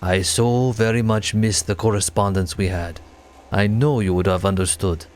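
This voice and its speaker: A man putting on an earnest male scientist from a game, reading a letter in a thick foreign accent. The voice sits low and measured, and the tone is wistful and solemn. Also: fairly even intonation, darkish tone, lightly acted. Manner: solemn, with a put-on Eastern European accent.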